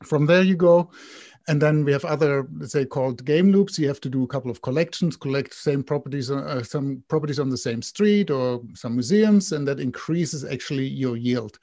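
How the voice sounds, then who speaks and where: A man's voice: medium pitch, normal speed, warm tone, no room sound, studio quality. A man with a German accent, a guest in an interview, explaining at length with frequent ums and restarts. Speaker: guest, game co-founder.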